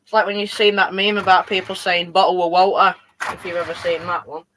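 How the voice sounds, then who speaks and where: The speaker is a teenage live stream host from Yorkshire, England, talking casually in a Yorkshire accent as he answers viewers and runs model trains. He has a high, sharp voice with fairly even intonation and a quick pace. There's slight background noise and the audio is poor.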